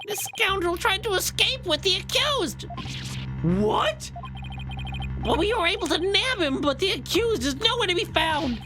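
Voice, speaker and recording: A woman voicing a blustering palace guard who shouts accusations. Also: very high voice, big pitch swings, measured pace, over music, pitched above the performer's own voice, heavily acted, poor audio. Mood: shouting. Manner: loud, accusing outbursts.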